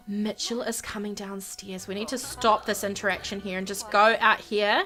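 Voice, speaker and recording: A woman's voice: on the high side, moderate pace, hardly any pauses, bright, forceful tone. A woman hosting a gaming channel, giving casual, chatty gameplay commentary full of fillers. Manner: chatty, bubbly, lots of fillers.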